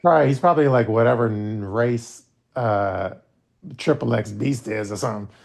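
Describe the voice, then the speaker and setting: A man co-hosting a casual podcast, reading online reviews aloud in a slow, deliberate way. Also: medium pitch, creaky. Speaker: podcast co-host.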